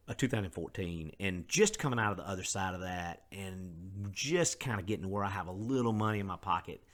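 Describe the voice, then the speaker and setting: A middle-aged man with a drawl talks through a motivational podcast in a fairly low voice. He sounds earnest and conversational, freely owning up to his mistakes. His speech is loose and full of fillers. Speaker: podcast host. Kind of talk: candid motivational podcast monologue.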